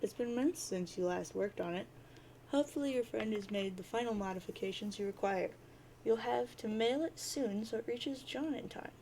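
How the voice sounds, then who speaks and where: A woman's voice: fairly high pitch, moderate pace, warm tone, slight background noise, poor audio. A woman casually reading a webcomic aloud as host, with chatty, offhand asides. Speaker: webcomic reader, channel host. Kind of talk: casual read-aloud narration.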